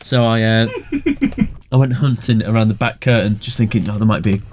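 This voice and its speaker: A man's voice: lowish voice, steady tone, quick pace, darkish tone, a little hiss or hum. A young man hosting a comedy podcast, telling a self-mocking story and laughing through it. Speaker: podcast host.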